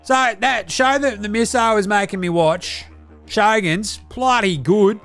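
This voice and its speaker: A man's voice: sits high, a little slow, a bit bright, faint music behind, pitched above the performer's own voice. A man voicing a crude, boisterous dad with an Australian accent who swears freely and talks in heavy slang. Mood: rowdy. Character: crude, rowdy Aussie bloke dad.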